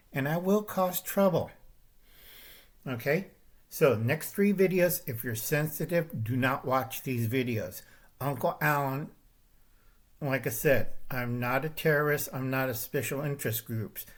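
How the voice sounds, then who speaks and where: Older man ranting to his viewers. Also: medium pitch. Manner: confrontational, emphatic, keeps asking "okay?" and "all right?". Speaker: channel host. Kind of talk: ranting monologue to camera.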